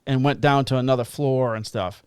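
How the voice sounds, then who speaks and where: A man's voice: medium pitch, steady tone, brisk, darkish tone, clean tone, no echo, studio quality. A middle-aged man, a police officer co-hosting a podcast, tells a rambling work story in casual chat and swears freely. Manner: rambling, profane anecdote telling.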